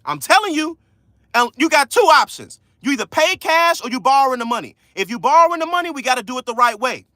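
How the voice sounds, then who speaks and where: A man coaching viewers on a livestream, loud, slangy and preachy, repeating key lines. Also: very high-pitched, expressive, quick pace, dry recording, clean studio sound. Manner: casual slangy speech. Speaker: credit coach hosting a livestream. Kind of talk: motivational livestream talk.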